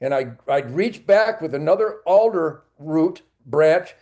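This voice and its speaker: An older man, a podcast guest, telling hunting stories with emphasis, repeating words and acting out his own shouts. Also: fairly high pitch, expressive, unhurried. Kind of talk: animated hunting storytelling.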